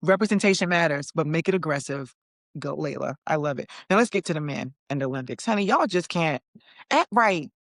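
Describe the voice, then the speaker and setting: A low, expressive voice runs a little fast, with clean studio sound and no room tone. The speaker is a fortysomething woman hosting a podcast talk show, giving sassy, chatty casual opinions and addressing listeners as "honey" amid plenty of "okay."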